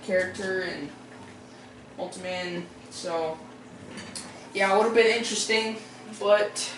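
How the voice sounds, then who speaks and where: The voice of this teenage vlog host sits high, and he rambles hesitantly with plenty of fillers and restarts. He's far from the mic, so the recording has a roomy echo and faint background noise.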